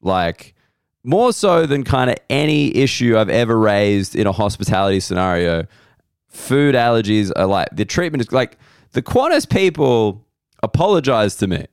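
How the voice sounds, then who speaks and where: A man's voice: fairly low pitch, sing-song, moderate pace, clear, resonant tone, no echo, studio quality. A young Australian man hosting a podcast, telling a rambling, profane, self-mocking comic story in casual chat. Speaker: podcast host. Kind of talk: casual comedic monologue.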